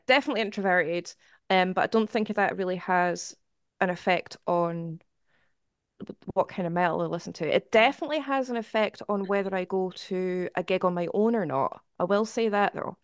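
Scottish woman, smooth voice. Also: mid-range voice, normal speed, no room sound, studio quality. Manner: self-deprecating, laughs often. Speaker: podcast guest, YouTube album reviewer. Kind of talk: casual chat.

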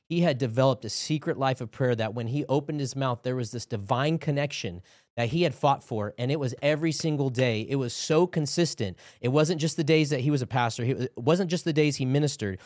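A man's voice: medium pitch, a little fast, a little mellow, dry recording, clean studio sound. A man who is a podcast guest, telling a personal faith story in an earnest way and building into preaching. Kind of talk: testimony and exhortation.

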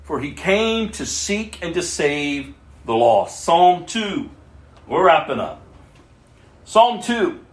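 A man preaching a sermon and reading scripture aloud, swinging between loud bursts and soft asides. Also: a little high, sing-song, slow pace, echoey room.

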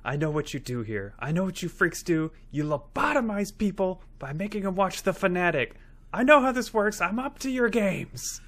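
A man's voice: very high-pitched, lively intonation, slow, fairly bright tone, pitched above the performer's own voice, heavily acted. A man playing a paranoid, blustering male marshal in a podcast comedy bit. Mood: suspicious.

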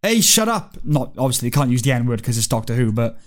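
A man's voice: medium pitch, level tone, quick pace, a little mellow. A man chatting casually as a podcast co-host, reviewing a TV episode with wry, hedging remarks.

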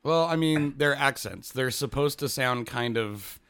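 A man's voice: mid-range voice, measured pace, a bit bright, smooth. A man hosting a podcast in casual chat, recovering from a cold, laughing often and explaining at length. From western United States. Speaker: podcast host.

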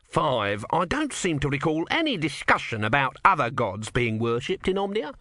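A man's voice: on the high side, big pitch swings, moderate pace, pushed and bright, no room sound, clean studio sound. A man voicing a testy, sarcastic little god. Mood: irritable. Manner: testy, sarcastic, impatient heckling. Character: small grumpy male god stuck in tortoise form.

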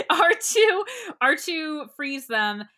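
A woman with a fairly high, bright, forceful voice retells a film in easygoing podcast chat. She is animated and chatty and often breaks into laughter as she walks through the scenes. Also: extremely slow. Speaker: podcast co-host. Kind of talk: casual chat recapping a film.

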